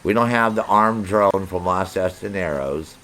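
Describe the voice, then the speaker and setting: A brash middle-aged man streams a game, joking and cursing as he talks to his viewers. His voice sits on the low side, with a faint hiss of noise behind it. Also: measured pace, a bit bright. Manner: brash, profane, joking banter with chat. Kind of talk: live gameplay commentary.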